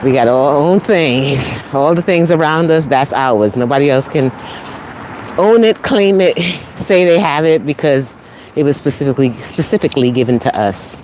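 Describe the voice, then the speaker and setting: A woman's voice: rumbling low, normal speed, a little mellow, slight background noise. A woman with a New York accent, originally from the Caribbean, giving an encouraging, chatty motivational talk while live-streaming on a walk, laughing often and calling out to viewers. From Caribbean, raised in New York. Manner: encouraging, upbeat, chatty with frequent laughs and rising exclamations. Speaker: motivational speaker, host. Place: outdoors on a walk near traffic.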